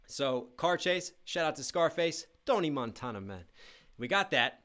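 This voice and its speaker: A young man hosting a live music reaction stream, reading chat aloud, breaking into shouts and explaining rhyme schemes. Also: fairly high pitch, sing-song, normal speed.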